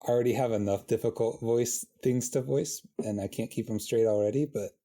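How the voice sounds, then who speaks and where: A woman's voice: a bass voice, brisk, dark tone. A woman co-hosting a podcast in casual chat, giggly and self-mocking. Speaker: podcast co-host.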